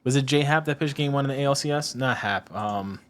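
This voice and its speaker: A man's voice: medium pitch, quick pace, a bit bright. A man co-hosting a casual sports podcast, rambling and sarcastic, often stopping to search for a name. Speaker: podcast co-host.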